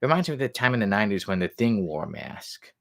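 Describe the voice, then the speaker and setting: A man co-hosting a podcast, chatting casually about comics in a rambling way, chuckling and reading quotes aloud slowly. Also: lowish voice, sing-song, vocal fry, no echo, studio quality. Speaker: podcast co-host.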